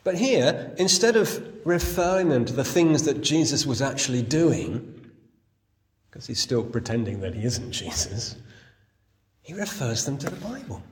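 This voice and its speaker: A man preaching a sermon. He tells the story in an animated voice that rises and falls widely, and he keeps asking his listeners questions. His pitch sits in an ordinary middle range. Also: measured pace, in a large hall. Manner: lively, storytelling, rhetorical questions. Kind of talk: sermon, Bible exposition.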